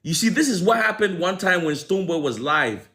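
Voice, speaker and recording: Young Ghanaian-accented man delivering a fired-up opinion rant; a touch high in pitch. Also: a little fast. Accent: Ghanaian with some American. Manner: animated, ranting, rhetorical questions, restarts. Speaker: commentary vlogger. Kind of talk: opinion commentary monologue.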